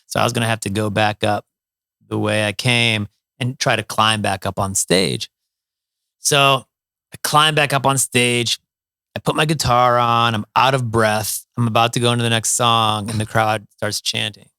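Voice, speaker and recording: Gravelly-voiced man telling road stories. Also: mid-range voice, normal speed, dry recording, clean studio sound. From Toledo, Ohio, USA. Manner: animated storyteller, many fillers and restarts. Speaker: guest, musician. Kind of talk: storytelling in a casual interview.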